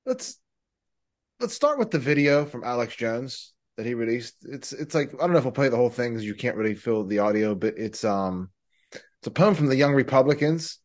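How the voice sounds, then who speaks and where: A man co-hosts a podcast in casual political talk. He rambles with halting restarts and rhetorical questions. His pitch swings widely. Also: lively intonation. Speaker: podcast co-host.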